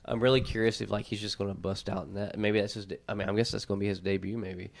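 A low, gravelly man chatting casually as co-host of a fan show. He gets excited fast, cuts in and restarts his sentences, and laughs easily. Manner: excitable, talks over and restarts, laughs often. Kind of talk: casual chat.

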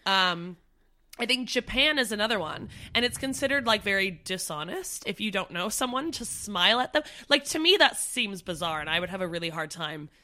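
A woman from Canada co-hosting a podcast, talking in a chatty, animated way with lots of "like" and "um". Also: mid-range voice, a little fast. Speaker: podcast co-host. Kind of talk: casual chat.

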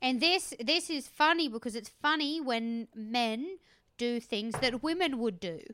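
Giggly, bright-voiced woman. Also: a little high, lively intonation. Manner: giggly, chatty, quick to laugh. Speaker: podcast co-host. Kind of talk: casual chat.

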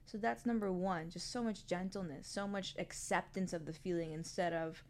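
A woman's voice: on the low side, fairly even intonation, moderate pace, darkish tone. A woman guest on a conversational interview, a singer-songwriter who talks earnestly and effusively and swears casually.

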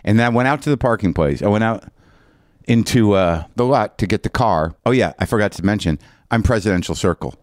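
A man's voice: on the low side, brisk, dry recording. Dry-voiced man telling a comic story. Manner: animated, profane, self-mocking, lots of restarts. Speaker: podcast host.

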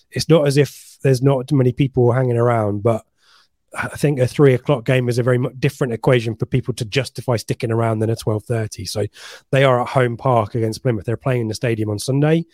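A man's voice: medium pitch, fast talker, a little mellow, dry recording, studio quality. A man co-hosting a live podcast, chatting casually and reading out listener messages. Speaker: podcast co-host.

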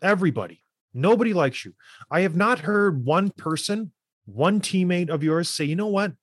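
A man's voice: high voice, sing-song, normal speed, husky, no echo, clean studio sound. A man hosting a podcast, a former hockey player who talks in a fired-up, emphatic way, full of repetition. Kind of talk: casual chat and ad read.

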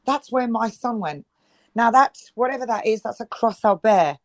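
A woman's voice: on the high side, animated, moderate pace, no room sound, rough recording. A middle-aged woman talking as an interview guest, emphatic and repeating herself as she restarts her sentences. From United Kingdom. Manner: emphatic, many restarts and repetitions. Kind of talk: impassioned interview talk.

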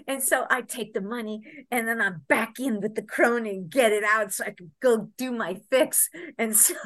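A woman in her sixties telling animated stories in an interview, laughing often and swearing freely. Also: a little high. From Connecticut, USA. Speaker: guest, former cycling soigneur. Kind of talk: anecdotal interview storytelling.

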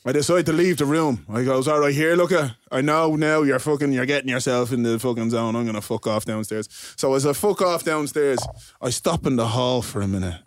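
A man's voice: medium pitch, a little fast, no room sound, studio quality. A man telling a teasing, sweary story in casual banter with friends. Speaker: podcast guest.

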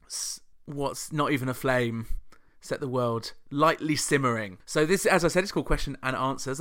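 A male chart show host from the UK who chats casually and makes sarcastic remarks. His voice is bright and crisp, and his delivery is clean and clear. He talks in an easy, conversational way. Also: medium pitch. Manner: snarky, sarcastic and chatty. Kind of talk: casual commentary.

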